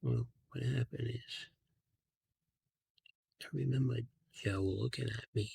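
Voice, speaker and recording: A man softly telling a rambling story in a half-whispered ASMR style, talking casually with slang and fillers, outdoors at night on a close mic. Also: medium pitch, slow, vocal fry, husky. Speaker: ASMR channel host. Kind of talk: ASMR storytelling while coloring.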